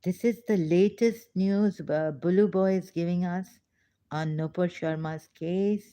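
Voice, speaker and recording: Low, slow-talking, hesitant woman. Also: mellow, no room sound. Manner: hesitant, halting, many fillers and restarts. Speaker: livestream host. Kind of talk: casual livestream talk, reading news aloud. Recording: dry, slightly dull lo-fi recording.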